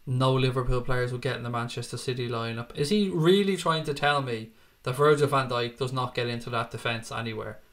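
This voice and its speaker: A man's voice: medium pitch, a little fast, few pauses, fairly bright tone. A chatty, foul-mouthed male football streamer. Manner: chatty, swears freely, laughs off comments. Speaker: football channel host reading viewer comments. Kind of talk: casual live-stream chat.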